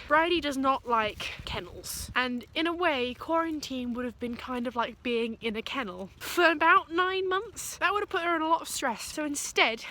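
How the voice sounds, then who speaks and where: A woman's voice: sits high, sharp tone, slight background noise, rough recording. A young woman who grew up in China, explaining things in a playful mock chat-show style while walking outdoors. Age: young adult. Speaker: vlogger. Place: outdoors on country land.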